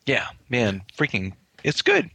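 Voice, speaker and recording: Gravelly, bright-voiced man chatting about beer. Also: mid-range voice. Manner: relaxed, swearing, halting restarts. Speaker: podcast co-host. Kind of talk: casual beer-tasting chat.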